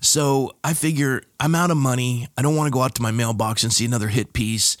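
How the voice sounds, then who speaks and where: Recorded with studio quality and no reverb, a middle-aged California pastor guests on a podcast, telling a personal story during the interview. His medium-pitched voice is steady and a little fast, and he tells it emphatically, raising it for the key moments.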